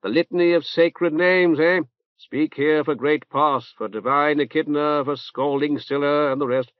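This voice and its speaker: A man speaking at normal speed in a fairly high, steady, natural voice portrays a fussy, pompous older male cleric, nasal and reverberant, hesitating with plenty of ums. It comes across as unctuous, heard through a dull, dry tape transfer.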